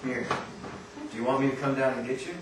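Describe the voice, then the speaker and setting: A man's voice: mid-range voice, quick pace, close to an everyday voice. A young man playing an eager, coaxing male Hollywood producer on a school stage. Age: teens. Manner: lively, coaxing, showy. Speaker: student actor in a school play. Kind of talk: stage acting. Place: school stage before an audience. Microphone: far camera in the hall. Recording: echoey stage recording, far off, noisy.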